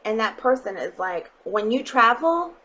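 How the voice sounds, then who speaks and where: A woman's voice: a little high, sing-song, normal speed, bright, forceful tone, muffled recording, a little hiss or hum. Blunt, swearing woman tarot reader. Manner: blunt and emphatic, swears freely, checks in with "okay?". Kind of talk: casual tarot reading to viewers.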